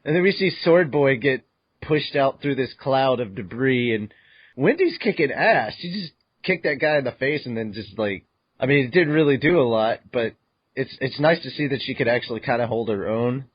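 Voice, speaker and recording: A man's voice: mid-range voice, expressive, moderate pace, husky, no room sound, lo-fi sound. A man hosting a podcast who recaps a manga chapter in casual chat, acting out his own reactions and swearing freely. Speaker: podcast host.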